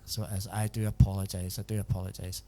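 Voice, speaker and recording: A fast-talking man with a low, warm, level voice runs an informal live music stream from home in a village. His chat is folksy, his sentences often end in "so it did", and the audio carries long reverb with music behind it.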